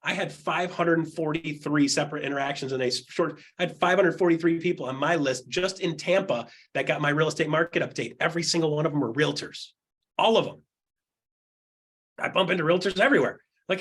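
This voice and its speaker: A middle-aged man coaching real estate agents on a video call, animated, acting out quotes in jumpy voices. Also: brisk, slightly rough. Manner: animated, acts out quotes with jumps in pitch. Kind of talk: energetic coaching talk.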